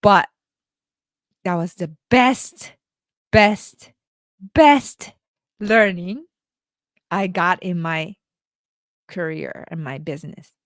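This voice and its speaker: Slow-talking woman life coach. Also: lowish voice, fairly bright tone, no room sound, studio quality. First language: Japanese. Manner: halting, many restarts and fillers. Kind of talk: casual storytelling monologue.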